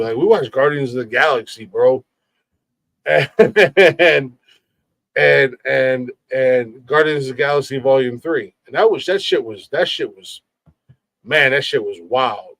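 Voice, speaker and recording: A man's voice: mid-range voice, no echo. A middle-aged man hosting a podcast in casual talk, earnest and emphatic, swearing freely and often stumbling over repeated words. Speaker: podcast host.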